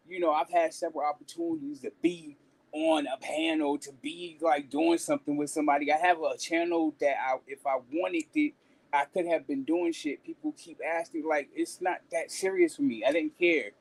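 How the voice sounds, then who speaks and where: Man, slightly high pitch, blunt, profane, animated, casual talk stream chat. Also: moderate pace, poor audio.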